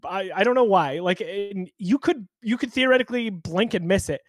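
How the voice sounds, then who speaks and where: A man hosting a podcast in casual chat, thoughtful and halting, with frequent restarts. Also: high-pitched, dry recording. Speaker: podcast host.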